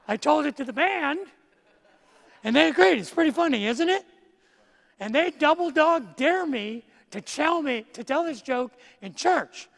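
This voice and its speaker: A male pastor delivers his sermon with playful, self-mocking jokes. His voice has a gravelly fry to it. It carries a long reverb through a large church sanctuary. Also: very high-pitched, lively intonation, unhurried, long pauses, fairly bright tone.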